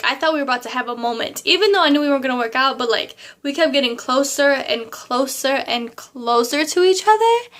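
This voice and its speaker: Young woman, high voice, casual storytime vlog, animated and chatty. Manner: animated, chatty, lots of fillers and asides. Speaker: vlogger.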